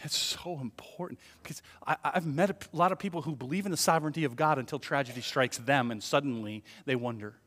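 A male pastor preaching a conversational sermon. He swings from hushed asides to loud, emphatic peaks and asks the congregation many rhetorical questions. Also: medium pitch, quick pace, hardly any pauses. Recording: long hall reverb.

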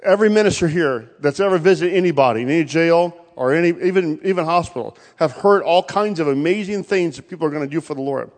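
A man preaching a sermon, telling stories and acting out short exchanges, his delivery swinging from loud, raised lines to hushed asides. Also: fairly high pitch, fast, few pauses, long reverb tail. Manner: storytelling with acted-out voices, swinging between loud and hushed.

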